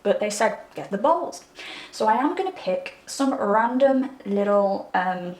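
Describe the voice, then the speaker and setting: A woman's voice: mid-range voice, measured pace, darkish tone. Chatty woman reading tarot. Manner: chatty and intimate, checks in with "okay?". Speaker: tarot reader. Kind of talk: tarot card reading to camera. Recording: echoey room.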